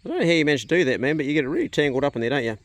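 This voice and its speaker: Out on a rural farm, with crickets chirping and animals audible nearby, a Kiwi man vlogs casually, addressing the camera and occasionally his animals. His slightly higher voice swings widely in pitch and moves very fast, and there's no room sound.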